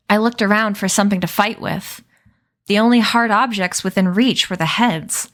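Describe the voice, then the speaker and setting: A woman streamer reading a novel aloud with expressive, clear narration. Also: mid-range voice, moderate pace.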